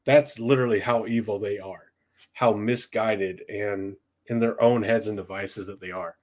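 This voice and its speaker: Low-voiced young man rambling on a livestream. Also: steady tone, normal speed. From southeastern United States. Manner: rambling, thinks aloud with many ums. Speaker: podcast host. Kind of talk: casual livestream chat.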